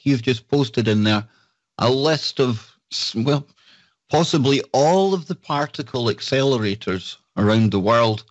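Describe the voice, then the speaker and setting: A man's voice: medium pitch, no echo. Enthusiastic male show host, lo-fi. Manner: enthusiastic, reads out lists. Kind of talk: casual live show chat.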